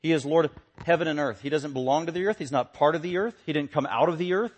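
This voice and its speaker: A husky, fairly high-voiced man delivering a sermon. He hammers home short, repeated phrases, rising to loud declarations and then dropping to quiet, low asides. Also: fast talker. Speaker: preacher.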